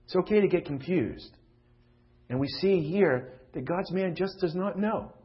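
A middle-aged man preaching a sermon as a pastor, moving from loud pleading questions to hushed, confiding tones. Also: high-pitched, measured pace. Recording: dull lo-fi recording.

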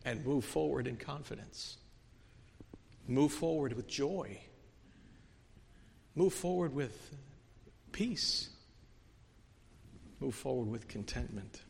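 A man preaching a sermon in a church, earnest, moving from soft, quiet stretches to emphatic peaks, with many restarts. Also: mid-range voice, expressive, takes it slowly, gravelly, long pauses, husky. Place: church sanctuary. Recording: long hall reverb.

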